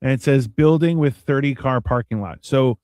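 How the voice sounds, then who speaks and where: A man's voice: medium pitch, moderate pace, a little mellow, dry recording. A man co-hosting a casual movie watch-along, joking and swearing freely. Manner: joking and profane, with mocking voices for characters. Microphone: live stream microphone.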